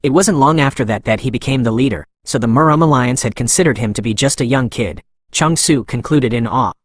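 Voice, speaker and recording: A man narrating a story recap in a brisk, even, scripted way. His voice sits in a middle pitch. The recording is dry and close. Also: dry recording.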